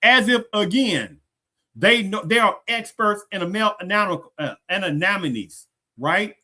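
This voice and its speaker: A man with a high, sharp voice hosts a rambling reaction commentary at a moderate pace, sounding animated. He keeps restarting his sentences and repeatedly asks rhetorical questions like "do you understand?"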